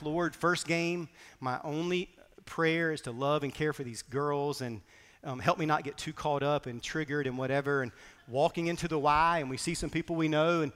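A man preaching a sermon as pastor, telling personal stories in a conversational, animated way. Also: fairly high pitch, big-room sound. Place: church sanctuary.

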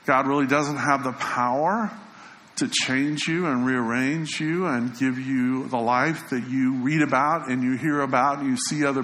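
Bright-voiced preacher in an echoing church. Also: male voice, mid-range voice, slight background noise. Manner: conversational preaching, quoting scripture, dropping softly for emphasis. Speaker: pastor. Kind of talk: sermon. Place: church sanctuary. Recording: echoing church hall with faint ambience.

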